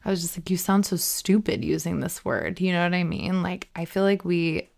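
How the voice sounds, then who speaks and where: A woman's voice: lowish voice, steady tone, moderate pace, creaky, a little mellow. A woman co-hosting a podcast, talking casually and bluntly, swearing freely and using lots of fillers. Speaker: podcast co-host. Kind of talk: casual chat. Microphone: remote call mic.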